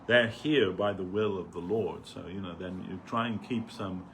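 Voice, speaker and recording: Man, low voice, casual rambling storyteller at a temple talk. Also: moderate pace, a bit bright, a little hiss or hum. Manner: conversational, rambling, frequent "you know". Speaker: speaker at a temple gathering. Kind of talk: informal spiritual talk, anecdote.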